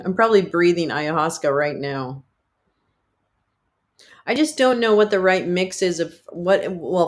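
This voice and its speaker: A woman hosting a livestream, talking in a candid, rambling way with swearing and laughs. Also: deep voice. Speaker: livestream host. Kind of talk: casual livestream chat.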